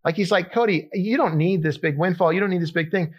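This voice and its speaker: A man's voice: high-pitched, quick pace, slightly rough, dull audio. Casual, rambling male pastor. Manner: casual, conversational, with many fillers and restarts. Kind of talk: sermon with personal story.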